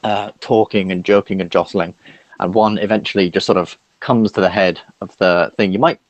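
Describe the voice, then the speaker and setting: A man narrating a tabletop game as dungeon master, halting with many fillers. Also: deep voice, fairly even intonation, dry recording, low-quality recording.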